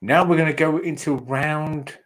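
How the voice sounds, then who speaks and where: A man's voice: a little high, unhurried, a bit bright, slight background noise, rough recording. A man hosting a trivia quiz over a call, rambling and laughing mid-sentence as he corrects himself. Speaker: quizmaster host.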